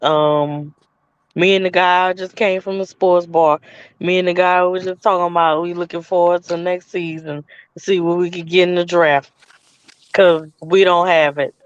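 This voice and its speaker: A woman's voice: lowish voice, flat delivery, moderate pace, smooth, dull audio. A woman, co-hosting a casual sports podcast and talking in a dejected, scolding way. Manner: dejected, then heated and scolding. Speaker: podcast co-host.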